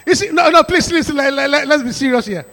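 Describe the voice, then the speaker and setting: Man preaching a sermon, very high and lively voice, bright tone, emphatic and repetitive, long hall reverb. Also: fast talker. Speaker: pastor. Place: church sanctuary.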